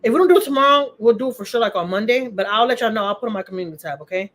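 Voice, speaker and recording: Her voice is a little high, expressive and rapid-fire. A middle-aged woman from Texas, she hosts a casual livestream from home, answering viewers heartfeltly and repeating phrases to stress them.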